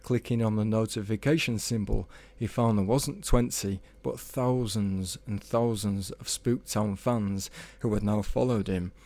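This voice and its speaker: A man telling a comic story in a measured, deadpan way. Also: fairly low pitch, no room sound. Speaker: storyteller guest.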